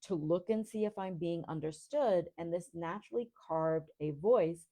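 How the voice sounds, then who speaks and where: An American woman from Rhode Island, hosting a coaching podcast and teaching in a slow, deliberate, articulate way. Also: lowish voice, dark tone. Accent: neutral American, Rhode Island traces on a few words. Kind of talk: teaching monologue.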